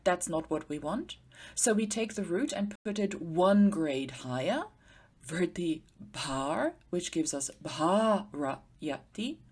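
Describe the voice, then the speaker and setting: A woman with a fairly low voice gives a patient grammar lecture. Her intonation is animated, rising and falling a lot. She slows right down to spell out word forms syllable by syllable. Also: husky. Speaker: Sanskrit teacher.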